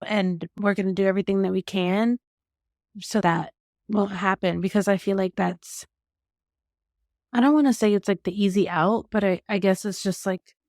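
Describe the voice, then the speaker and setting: A woman hosts a podcast in a loose, chatty way, full of "like" and "literally." Her voice carries a lot of vocal fry. The recording is dry and close. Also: medium pitch, fairly even intonation, normal speed, darkish tone, dry recording. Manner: chatty, many fillers like "like" and "literally". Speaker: podcast host. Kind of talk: casual conversational interview.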